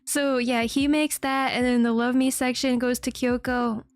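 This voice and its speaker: Giggly high-voiced young woman streamer. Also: moderate pace. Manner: giggly, excitable. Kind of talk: casual chat.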